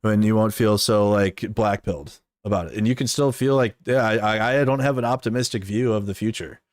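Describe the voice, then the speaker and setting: A man gives off-the-cuff commentary in a low voice. He is blunt and profane, and he rambles with plenty of "like" fillers. The sound is close and dry. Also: brisk, dry recording. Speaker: streamer and political commentator. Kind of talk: casual commentary stream.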